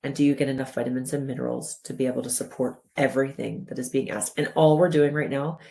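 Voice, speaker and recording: A woman in her thirties giving a lively explanatory talk as a wellness educator, walking through a chart and acting out the body's voice in quotes. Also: a bass voice, quick pace, creaky. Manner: animated, acts out the body's inner voice in quotes.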